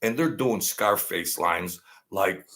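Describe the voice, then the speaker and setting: A man's voice: sits low, takes it slowly, fairly bright tone. A man telling stories from his past in a loose, rambling way, swearing freely and skipping details with "blah, blah, blah.". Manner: rambling and profane, fills gaps with "blah, blah, blah". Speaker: storyteller recounting his past. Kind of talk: casual spoken storytelling.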